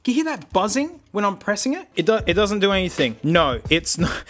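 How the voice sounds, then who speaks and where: A young man talking casually in a tech review vlog, excitable and jokey, with loud bursts of laughter. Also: high-pitched, fairly quick. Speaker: tech video host.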